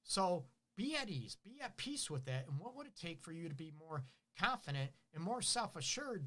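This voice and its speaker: Animated male relationship counselor. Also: a little high, moderate pace, few pauses. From Detroit. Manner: animated, asks rhetorical questions, acts out partners' lines. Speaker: relationship counselor hosting a show. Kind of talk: casual advice monologue.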